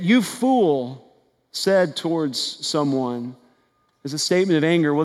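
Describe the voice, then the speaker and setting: A man preaching a sermon in an earnest style. He builds to emphatic repeated phrases and drops low and quiet on key words. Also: smooth. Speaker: pastor. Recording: long hall reverb.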